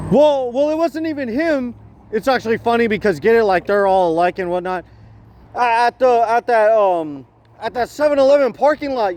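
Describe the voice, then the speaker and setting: A man's voice: very high-pitched, a little mellow. A man vlogging in a rambling, profane rant, stumbling over his words and repeating himself. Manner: repetitive, stumbling, swears heavily, ranting.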